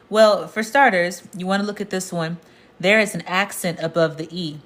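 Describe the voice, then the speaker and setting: A woman teaching a casual livestream lesson, explaining patiently and repeating words slowly. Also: fairly low pitch, steady tone, a bit bright. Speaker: Spanish teacher.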